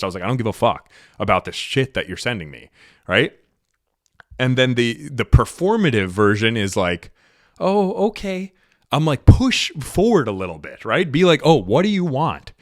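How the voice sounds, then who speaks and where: A man's voice: lowish voice, fairly bright tone, no room sound, studio quality. A man hosting a solo podcast, giving a blunt, profane monologue in a lecturing tone. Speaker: podcast host.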